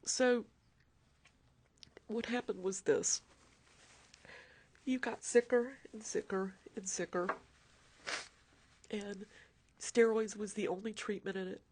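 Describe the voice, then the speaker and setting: A woman's voice: medium pitch, fairly even intonation, takes it slowly, long pauses, a little mellow, a little hiss or hum. A woman recounting her son's childhood illness in a personal storytelling interview, emotional and dropping into whispers as she voices the doctor.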